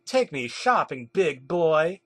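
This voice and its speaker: A man voicing a flamboyant, dramatic male spouse in a high, campy voice. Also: very animated, slow, no echo.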